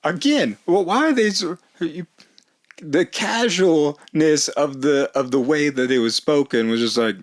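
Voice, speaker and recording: Man, fairly high voice, comedic storytelling vlog, self-mocking, laughs a lot. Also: animated, measured pace. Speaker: storyteller vlogger.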